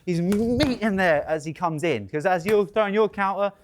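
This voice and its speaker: A British boxing pundit walks through punches as he demonstrates them, animated and hands-on. His voice sits high for a man, and he keeps marking the blows with quick sound words. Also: background noise. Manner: animated, punctuates moves with "boom". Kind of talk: demonstrating and explaining boxing tactics.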